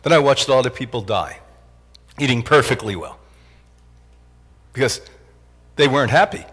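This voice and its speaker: A man in his sixties giving a joking, animated motivational lecture to a live audience as a health institute director. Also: medium pitch, moderate pace, slightly rough. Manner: animated, joking, often laughs at his own lines.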